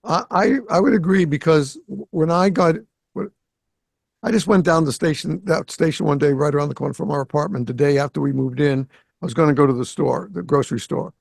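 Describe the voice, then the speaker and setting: A man who grew up around Boston hosts a conversation, telling his story with a gravelly, slightly raised voice. He slips into the voices of the people he quotes. The sound is close and dry, with no room echo. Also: fairly high pitch, fairly quick. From Greater Boston. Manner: animated storyteller who acts out quoted dialogue. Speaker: podcast host. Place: home in South Florida.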